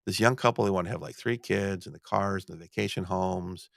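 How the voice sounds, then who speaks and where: A man's voice: deep voice, fairly quick, vocal fry, fairly bright tone, no echo, clean studio sound. A middle-aged man hosting a podcast, telling a long rambling story in casual talk, with many restarts and stammered repeats. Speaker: podcast host.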